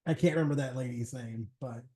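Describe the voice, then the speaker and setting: A man's voice: mid-range voice, a little fast, dark tone. A man hosting a live stream, chatting casually and rambling, swearing freely and laughing often. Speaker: streamer host.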